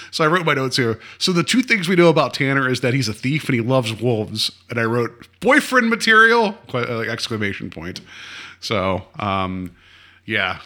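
A man co-hosts a casual podcast, retelling an episode with animated, mocking asides. His voice is bright and forceful, and he slips into goofy impressions of the characters. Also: lowish voice. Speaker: podcast co-host. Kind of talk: casual chat recapping an episode.

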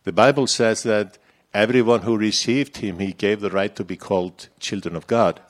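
A man's voice: lowish voice, steady tone, moderate pace. A man preaching a sermon in a church, in a conversational, personal way that turns the message back on himself.

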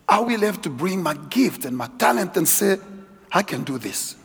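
Husky middle-aged male preacher, sermon in a reverberant church hall, lively swings between murmur and shout. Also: normal speed. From South Africa. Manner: animated, shifts from low asides to shouted exhortation. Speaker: guest preacher.

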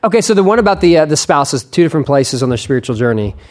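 Podcast host guy, kinda high voice, chatty and teasing, says like a lot. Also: very animated, racing. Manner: chatty, teasing, lots of "like" fillers. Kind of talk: casual podcast chat.

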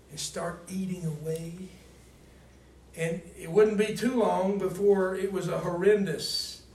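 A man preaching a sermon and reading scripture aloud. He asks the congregation to fill in words and swings between loud emphasis and quiet asides. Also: sits high. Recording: roomy, distant mic, faint background noise.

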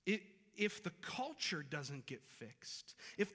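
A pastor preaching a Sunday sermon, talking conversationally and then building to emphatic, repeated phrases. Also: male voice, on the high side, lively intonation, slow pace, few pauses, pushed and bright, slightly rough. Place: church sanctuary. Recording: long reverb of a large hall.

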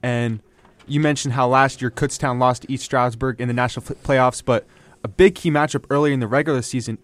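A young man co-hosting a college radio sports show, enthusiastically recapping the season in long run-on sentences. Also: medium pitch. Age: young adult. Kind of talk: casual sports chat.

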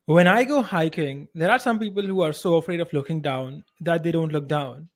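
Male podcast co-host, slightly high voice, relaxed and conversational. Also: fairly quick. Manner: relaxed, conversational, swears casually. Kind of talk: casual podcast chat.

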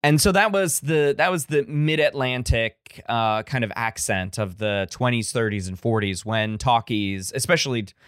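A man's voice: medium pitch, normal speed, few pauses, a bit bright, clean tone, no room sound, studio quality. A man hosting a casual film-review podcast, rambling through tangents with restarts and obvious enthusiasm. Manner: rambling, digressive, many restarts; enthusiastic about old films. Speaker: podcast host.

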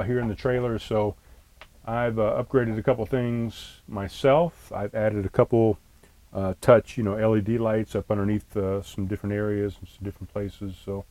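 Casual solo podcast chat: the host sits in a camper trailer, speaking into a laptop on a tray in front of him, irritated and rambling with frequent cursing. His voice is on the low side and warm, with no room sound.

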